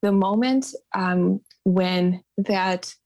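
A woman's voice: medium pitch, drawn-out words, darkish tone, dry recording. A woman with a mid-range voice shares an emotional personal faith testimony as a podcast guest. She speaks earnestly and restarts her sentences. The recording is dry and close. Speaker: podcast guest, bereaved mother.

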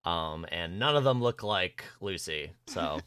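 A man's voice: low voice, lively intonation, unhurried, pushed and bright, clear, resonant tone, no echo. A man co-hosting a podcast, chatting about old films in a thoughtful, hesitant way. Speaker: podcast co-host. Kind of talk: casual recap chat with film trivia.

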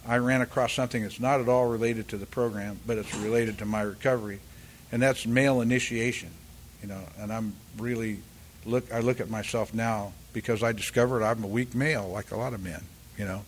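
An older man giving a halting, rambling personal share at a recovery meeting, full of restarts and "you know," and acting out the voices of the people in his story. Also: fairly low pitch, steady tone, slight background noise. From California, US. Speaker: speaker sharing at a recovery meeting.

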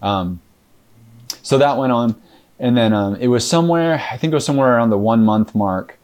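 A man being interviewed, recounting his experience haltingly with many fillers and restarts and acting out past conversations. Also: medium pitch, darkish tone. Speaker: interview guest. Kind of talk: casual storytelling interview.

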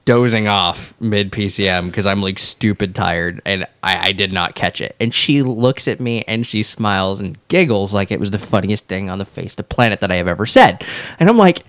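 Animated laughing man telling a story. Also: fairly low pitch, normal speed, no room sound, clean studio sound. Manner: animated, laughs often while telling stories. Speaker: podcast co-host. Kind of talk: casual storytelling chat. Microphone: mic placed close to his mouth.

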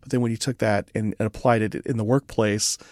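A man hosting a podcast interview, chatting in a lively way and acting out quoted lines in his stories. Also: fairly low pitch, a little fast, dry recording, clean studio sound. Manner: animated storyteller, acts out quoted voices. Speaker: podcast host. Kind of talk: interview conversation.

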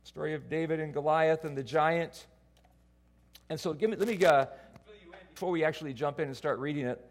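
A man preaching a sermon to a church congregation, telling a personal story in an animated, self-mocking way. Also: on the high side, a little fast. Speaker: pastor.

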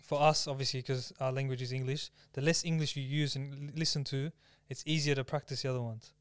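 Young Australian man, reflective talker, fast and smooth, dry close sound. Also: mid-range voice, fairly even intonation, dry recording. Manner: thoughtful, many "like" fillers. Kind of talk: casual reflective chat.

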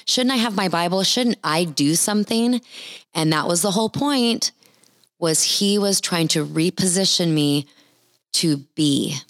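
An earnest woman preaching a sermon, slowing down to stress key words. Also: low-pitched, creaky, no echo, clean studio sound.

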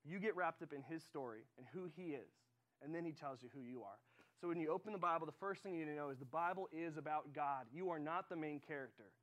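A young man delivers a youth sermon in a loose, conversational style, stumbling over restarts and filling pauses with ums. His voice sits a little above the usual male range. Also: a little high, fairly bright tone. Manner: casual, conversational, many fillers. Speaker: high school director.

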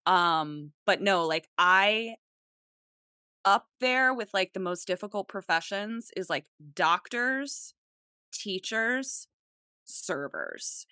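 Brief: bright-voiced young American woman, casual podcast co-host, lively and profane. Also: medium pitch, takes it slowly, clear, resonant tone, dry recording, clean studio sound. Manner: animated, swearing, chatty. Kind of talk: casual chat.

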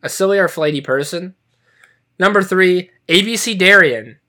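A man's voice: high-pitched, moderate pace, bright, forceful tone. Man co-hosting a word podcast. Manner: reads word definitions with playful asides. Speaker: podcast co-host. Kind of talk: casual podcast chat.

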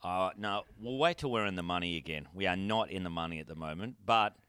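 A man's voice: low voice, expressive, fairly quick, a bit bright, clear, resonant tone, no room sound. An Australian man co-hosting a podcast in casual chat, laid-back and rambling, swearing freely. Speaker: podcast co-host.

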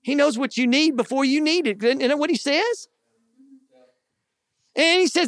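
A man's voice: very high-pitched, normal speed, pauses often, fairly bright tone, no room sound, studio quality. A middle-aged man preaching a sermon in an earnest, conversational way, with folksy asides to the congregation. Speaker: pastor.

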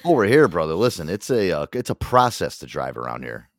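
Casting: deep-voiced New York-area talk host, lively swings, dry close sound. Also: male voice, brisk, dry recording. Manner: rambling, lots of fillers. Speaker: radio show host. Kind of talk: casual chat.

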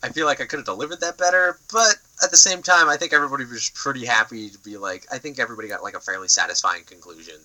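A man's voice: mid-range voice, rapid-fire, hardly any pauses, pushed and bright, low-quality recording. A young man chatting casually on a podcast, rambling with lots of fillers and the odd swear word. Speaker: podcast co-host. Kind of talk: casual chat.

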